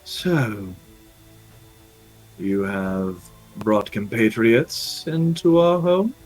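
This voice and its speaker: A man voicing a cold, haughty noble father who talks in a measured, disdainful way in a tabletop game. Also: lowish voice, darkish tone, soft background music, voice pushed down, rough recording.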